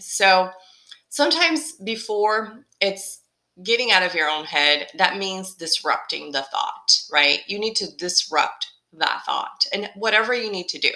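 A woman's voice: on the low side, pushed and bright. A woman hosting a solo motivational podcast, upbeat and encouraging, repeating her key phrases. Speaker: podcast host.

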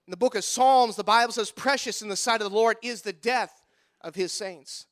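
High, bright-voiced preaching pastor. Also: male voice, moderate pace. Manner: impassioned preaching with repeated refrains. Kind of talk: sermon.

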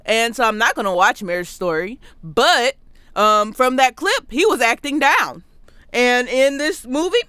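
Sassy bright-voiced woman reviewing a film. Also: a little high, dry recording. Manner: sassy, playful, with loud whooping outbursts. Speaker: podcast host reviewing a film. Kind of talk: casual comedic review. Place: basement home studio.

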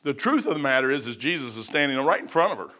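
Preaching a folksy, rambling sermon, an older Kentucky man uses a medium-pitched voice that's sing-song, bright, and forceful. He acts out the figures from the Bible in his stories in quick voices.

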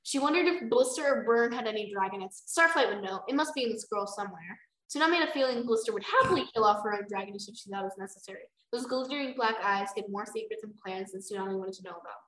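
A young woman co-hosting a podcast, reading a book aloud and breaking off into excited, animated reactions. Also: mid-range voice, quick pace, few pauses. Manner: animated, bursts into exclaims and laughs. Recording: echoey room.

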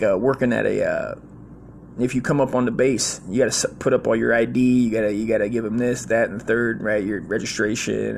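A man's voice: medium pitch, creaky, slight background noise. A man in his forties telling a rambling, slangy, profane story in a casual way.

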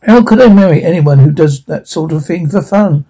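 A man voicing a shocked young Cinderella in a high, squealing put-on voice in a storybook reading. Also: moderate pace, warm tone, husky. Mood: aghast.

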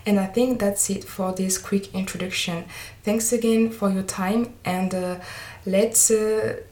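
A woman's voice: medium pitch, fairly even intonation, measured pace, dark tone. A woman with a French accent, a native French speaker, hosting an unscripted solo podcast intro in a candid, slightly hesitant way. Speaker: podcast host. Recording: roomy echo.

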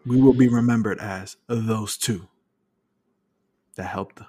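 A man's voice: lowish voice, measured pace. A man with a New York accent hosting a podcast, joking and teasing his co-hosts in casual banter. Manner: joking, teasing, animated storytelling. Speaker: podcast host.

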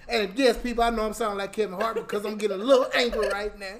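A man co-hosting a casual podcast, telling a work story in an animated, heated way with frequent laughter. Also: sits high, rapid-fire. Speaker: podcast co-host.

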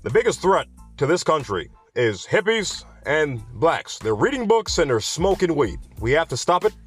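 A man voicing a stern older male politician in a halting, half-serious impression. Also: fairly high pitch, sing-song, breathy edge, soft background music, pitched above the performer's own voice.

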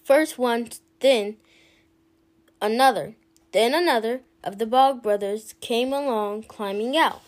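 Slow, high-voiced woman reading a storybook. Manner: slow, expressive read-aloud, lifting her voice for characters. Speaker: storybook reader. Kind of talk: reading a children's picture book aloud.

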